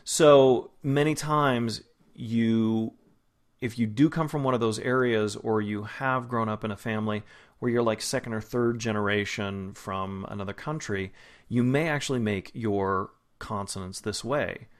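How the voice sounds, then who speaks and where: A man coaching pronunciation in a spoken phonetics lesson, patient and explanatory, slowing down to model each sound. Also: lowish voice. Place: Los Angeles area.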